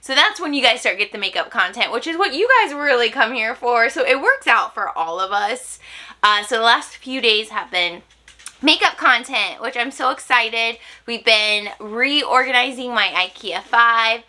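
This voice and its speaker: A woman's voice: fairly high pitch, expressive, moderate pace, bright, forceful tone. A woman chatting casually to camera at home as a makeup vlogger, rambling and giggly. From United States.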